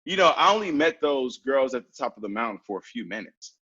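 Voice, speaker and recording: A man talking as a podcast guest in casual chat, telling stories in a lively way and acting out what people said. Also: mid-range voice, fast, husky, dull audio. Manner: lively storyteller who acts out quoted lines.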